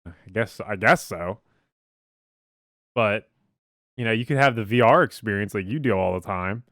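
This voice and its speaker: A man's voice: fairly low pitch, moderate pace, a bit bright, no echo, clean studio sound. A young man hosting a casual podcast, joking and teasing his co-hosts. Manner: joking, teasing, playful interrupter. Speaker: podcast host. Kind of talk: casual chat.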